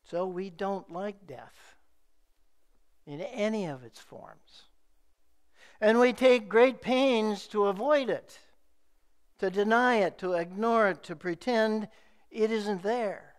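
A middle-aged male pastor delivering a sermon in a slow, measured preaching manner with emphatic repeated phrases. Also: high-pitched, smooth.

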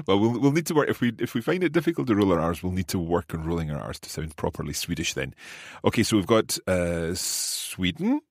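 A Scottish man with a deep, slightly husky voice hosts a language lesson podcast. He repeats phrases slowly and carefully, with lots of rise and fall in his pitch. The sound is dry and close, with no room around it. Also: big pitch swings, no room sound. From Scotland. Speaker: podcast host and language learner.

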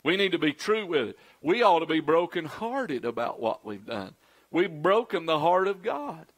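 A man's voice: a little high, big pitch swings, normal speed. A middle-aged man preaching a sermon as pastor, acting out quoted pleas in a raised, pleading voice.

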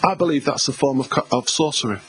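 A man's voice: medium pitch, quick pace, fairly bright tone, slightly rough, poor audio. An English man preaching a sermon as pastor, emphatic and conversational, repeating himself and speaking to the congregation. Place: church hall.

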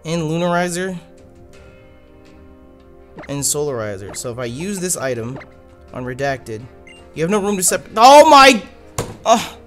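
A man hosting a let's play, giving casual gameplay commentary in an animated, exasperated way and swearing freely. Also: on the high side, normal speed, pauses often, soft background music.

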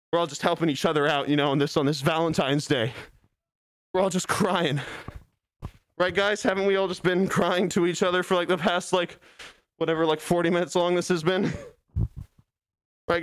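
A man's voice: a little high, fairly even intonation, moderate pace, long pauses, no echo, clean studio sound. A young adult man streaming live, talking to his chat in a rambling, joking, self-mocking way while out of breath. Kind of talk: casual livestream chat.

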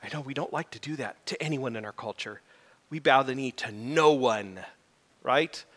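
Animated middle-aged male preacher, bright. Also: mid-range voice. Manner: animated preaching, rising to loud emphatic peaks. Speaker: pastor. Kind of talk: sermon. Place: church sanctuary. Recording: reverberant church hall.

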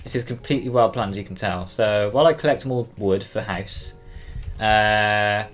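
A man's voice: lowish voice, normal speed, faint music behind. A teenage boy from Cornwall giving casual, flustered gameplay commentary, swearing often and yelping when scared. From Cornwall, England. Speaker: gaming channel host.

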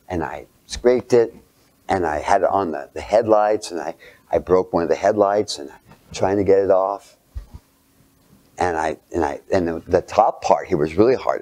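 Low-voiced man telling a story sermon. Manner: animated, dropping to near whispers and asking rhetorical questions. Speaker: speaker.

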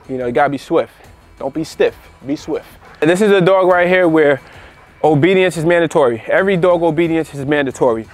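A man working as a dog trainer, talking casually to the camera while training his dog, repeating phrases and tagging on "all right" and "you know" as he goes. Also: on the high side. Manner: gives short commands to his dog. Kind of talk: casual instructional talk to camera.

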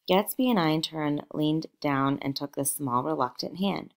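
A woman narrating a novel aloud in a measured, expressive storytelling manner. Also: low voice. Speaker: audiobook narrator.

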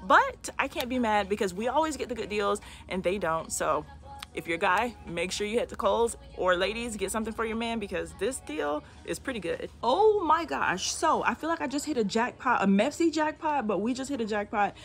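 Excitable woman couponing vlogger, fairly high voice, phone-filmed in a big store with faint music behind. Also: fairly quick. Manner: excitable, gushing, exclamatory. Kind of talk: excited shopping vlog. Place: inside a large retail store.

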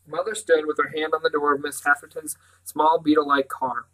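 A man reading a novel aloud, narrating plainly and shifting lightly into character voices. His voice is bright and fairly high for a man. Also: little pitch movement, a little fast, few pauses, rough recording. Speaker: reader.

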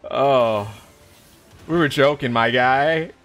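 A young man streaming a live video game playthrough, excitable and laughing often, his voice leaping up into high squeals. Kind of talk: live gameplay commentary.

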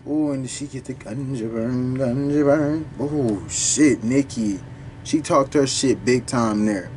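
A young man hosting a reaction video, talking casually and profanely as he pauses a song to break down its lyrics. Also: medium pitch, faint music behind. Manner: animated, profane, slangy, stops the song to explain lyrics.

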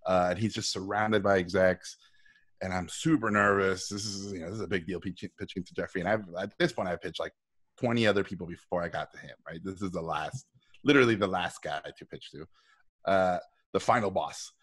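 Deep-voiced and fairly bright in tone, this middle-aged guest speaks fairly quickly during casual storytelling on a live video talk. He's animated, performing the voices he quotes and cursing without restraint.

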